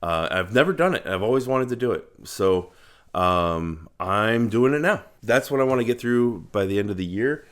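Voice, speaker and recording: A man talking about books on his video channel in a reflective, earnest way, pausing often with ums. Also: fairly low pitch, lively intonation. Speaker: book vlogger. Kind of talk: casual book review monologue.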